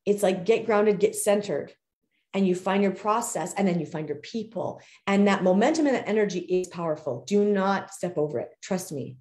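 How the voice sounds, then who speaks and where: Mellow-voiced woman giving an emphatic motivational talk. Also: medium pitch, animated, moderate pace. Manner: emphatic, repeats key phrases, speaks straight to the audience. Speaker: host of a figure skating coaching show. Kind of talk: motivational live-stream talk. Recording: roomy echo.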